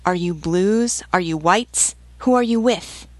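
A woman's voice: on the low side, normal speed, gravelly, dry recording. A woman voicing a blunt male army sergeant who fires brusque questions.

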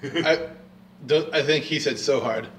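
A man's voice: a little high, unhurried, a bit bright. A man hosting a casual podcast chat, teasing and asking his guests questions. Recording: distant mic with faint noise.

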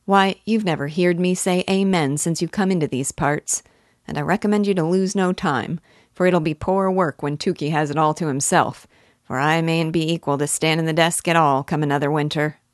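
A long-winded old parish clerk holds forth in rustic dialect, meandering from point to point, put on by a woman. The voice sits low and close, with a dry, dead sound. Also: fairly even intonation, normal speed, no echo, natural voice. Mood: advising. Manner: rambling, folksy rural dialect.

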